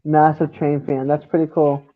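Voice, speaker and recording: A man's voice: a little high, little pitch movement, moderate pace. A man co-hosting a casual livestream, teasing the others, laughing often and greeting chat viewers. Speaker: livestream co-host. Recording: dull lo-fi sound.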